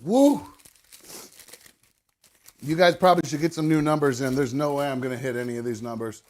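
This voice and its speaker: A man's voice: mid-range voice, steady tone, racing. A man hosting a casual show while forcing down an eating challenge, groaning and swearing as he sweats and strains between bites. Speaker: podcast host.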